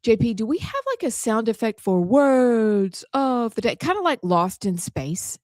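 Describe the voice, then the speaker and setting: A woman's voice: a little high, sing-song, unhurried, a little mellow, no echo, studio quality. Chatty middle-aged woman host. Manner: playful, chatty banter. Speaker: show host. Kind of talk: casual chat.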